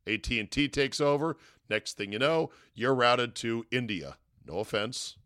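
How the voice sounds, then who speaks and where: A man's voice: medium pitch, measured pace, a bit bright, dry recording, clean studio sound. Wry man hosting a sports podcast. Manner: wry, digressive, chuckles at his own asides. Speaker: sports talk podcast host. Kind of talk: casual sports talk monologue.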